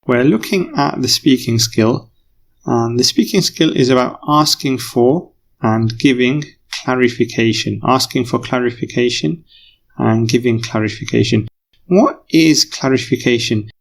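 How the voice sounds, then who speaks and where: Male English teacher, patient, repeats himself, gravelly mid-pitched voice. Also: unhurried. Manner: patient, repeats key phrases. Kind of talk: recorded lesson explanation.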